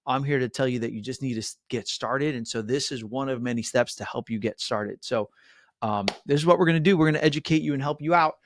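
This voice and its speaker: A man's voice: mid-range voice, fast, no room sound. A middle-aged man hosting a mortgage webinar, chatty and upbeat, with many fillers and "right?" asides. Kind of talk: webinar presentation.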